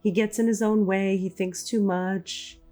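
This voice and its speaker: A woman voicing the doting, tender spirit of a late mother, speaking gently and reassuringly, a little above her usual pitch. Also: steady tone, unhurried, faint music behind, lightly acted.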